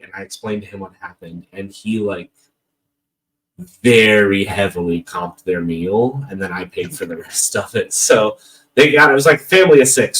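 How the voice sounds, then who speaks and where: A man telling a story in casual podcast chat, jokey and self-mocking, with plenty of restarts. His voice sits fairly low. He sounds a little away from the microphone. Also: a bit bright, far from the mic, rough recording. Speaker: podcast guest.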